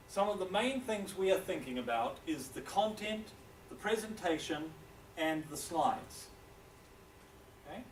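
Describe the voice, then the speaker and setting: A man lecturing slow, deliberate New Zealand teacher. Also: fairly high pitch. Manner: deliberate, checks in with frequent "okay?". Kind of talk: classroom lecture. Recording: echoey room, distant mic, faint hiss.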